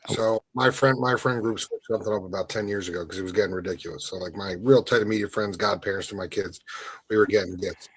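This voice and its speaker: A man's voice: lowish voice, steady tone, quick pace, breathy edge, dry recording. A man co-hosting a casual podcast, laid-back and explaining things plainly. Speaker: podcast co-host.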